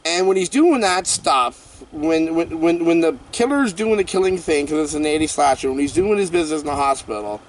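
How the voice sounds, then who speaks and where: A man's voice: a little high, brisk, hardly any pauses, far from the mic. A man rambling playfully through a horror movie recap outdoors, full of jokes and asides. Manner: playful, jokey, lively storytelling full of asides. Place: outdoors on a windy day.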